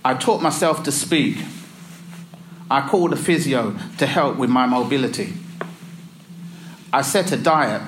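A man narrating a personal religious testimony in a slow, earnest, deliberate way. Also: mid-range voice, a little hiss or hum. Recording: echoey room, faint ambience.

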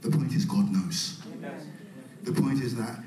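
A man preaching a sermon, calling out to the congregation and swinging between loud, rising passages and soft, quiet ones. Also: mid-range voice, unhurried, a little hiss or hum. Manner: call-and-response preaching, swelling loud then dropping soft. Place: church. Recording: echoey church hall, mic at a distance.

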